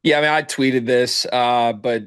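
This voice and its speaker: A man's voice: mid-range voice, steady tone, unhurried, a bit bright, clear, resonant tone. A man hosting a casual sports talk show, emphatic and incredulous, with a rambling delivery. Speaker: sports podcast host.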